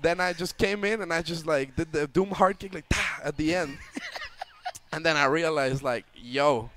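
A young man casually telling a story on a stream, loudly acting out the voices in it. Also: fairly high pitch, moderate pace, slight background noise. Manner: animated, acts out voices loudly. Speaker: guest storyteller.

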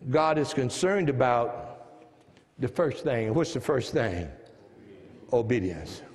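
A man's voice: medium pitch, very animated, slow, in a large hall. A man with an American accent preaching a sermon, who stresses key phrases and repeats them as his emphasis builds. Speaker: pastor.

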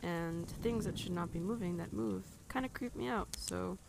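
A woman's voice: on the low side, moderate pace, creaky, darkish tone. A young woman talks through a horror game she is playing, her voice jittery and full of nervous laughter. She swears when something startles her. A faint hiss runs under the recording. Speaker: let's play gamer.

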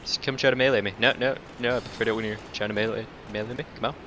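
A man doing casual let's-play commentary, cursing and taunting enemies, dropping to mutters and then breaking into loud outbursts. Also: fairly low pitch, steady tone, racing, noisy background. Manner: profane, talks back to enemies, swings between mutters and outbursts. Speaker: gameplay commentator.

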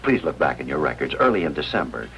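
An earnest hospital chaplain, very deep gravelly voice, 1950s TV drama with music underneath. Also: male voice, sing-song, fast, full character voice, rough recording. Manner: earnest, gentle questioning. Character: calm, persistent male hospital chaplain.

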